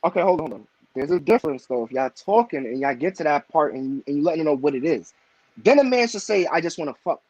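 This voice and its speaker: A man's voice: on the high side, lively intonation, fast, darkish tone, no room sound, dull audio. A man arguing brashly and insistently as a guest on a live talk show, often cutting in. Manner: brash, insistent, talks over others. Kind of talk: casual debate on a live show.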